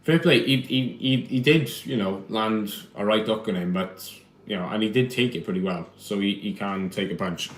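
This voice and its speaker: A man talks into his phone on a casual live stream at home. His voice sits a bit low. He rambles, stumbles and repeats words as he answers his chat. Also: moderate pace. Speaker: livestream host reading chat.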